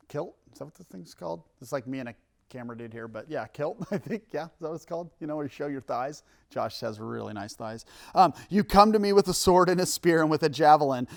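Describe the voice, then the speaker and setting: A man's voice: medium pitch, normal speed, vocal fry. A man pastor giving a sermon, reading scripture emphatically and adding joking asides. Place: church, filmed for a livestream.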